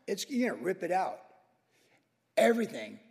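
High-pitched male pastor, emphatic sermon, repeats for punch, long hall reverb. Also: normal speed. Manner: emphatic, animated, repeats for stress.

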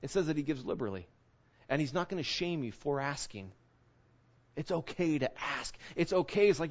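Earnest preacher man, slightly high voice. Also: animated, muffled recording. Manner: earnest, often asks 'right?'; slows and drops low on key phrases. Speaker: pastor. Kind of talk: sermon.

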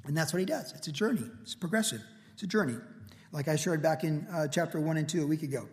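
A man's voice: on the high side, quick pace, darkish tone. Older man preaching in a reverberant hall. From United States. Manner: casual storytelling with lots of "like" and "you know". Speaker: pastor. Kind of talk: verse-by-verse sermon. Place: church.

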